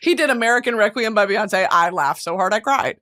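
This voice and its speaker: A woman hosting a podcast in casual chat, goofy and excitable, given to loud squeals and dramatic wails, and swearing freely. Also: mid-range voice, brisk. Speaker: podcast host.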